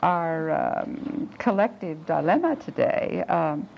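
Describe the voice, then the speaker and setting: A woman leading a reflective group discussion, speaking slowly and thoughtfully, halting and repeating words as she gathers her points. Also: low voice, lively intonation, gravelly. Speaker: discussion leader. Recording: muffled lo-fi tape with faint hiss.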